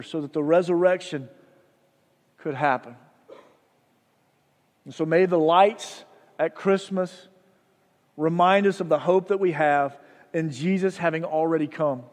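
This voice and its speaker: A male pastor preaching a sermon, telling a story with soft, hushed passages and loud rises. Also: on the high side. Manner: storytelling, dropping soft for drama and rising loud. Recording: long hall reverb.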